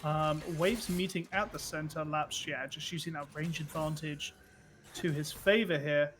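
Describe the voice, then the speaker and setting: High-voiced male esports play-by-play caster. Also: fairly even intonation, measured pace, a bit bright, slight background noise. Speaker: esports commentator.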